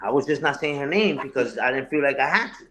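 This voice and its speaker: At medium pitch, this man talks fast and animatedly in a pushed, bright voice. An online content creator appearing as an interview guest, he answers a live chat with heated, unscripted speech that's profane and confrontational, repeating phrases for emphasis.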